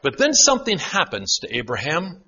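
A man preaching a sermon, shifting between emphatic declarations and hushed retellings. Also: on the high side, wildly swooping pitch, moderate pace, breathy edge. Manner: dramatic, drops to a hush for quoted lines. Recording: dull lo-fi sound.

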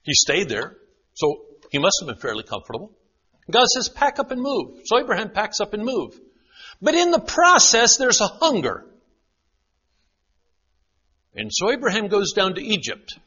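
Male preacher, sermon, high lively voice, bright husky tone, lo-fi recording. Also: moderate pace, pauses often. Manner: dramatic, drops to a hush for quoted lines. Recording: dull lo-fi sound.

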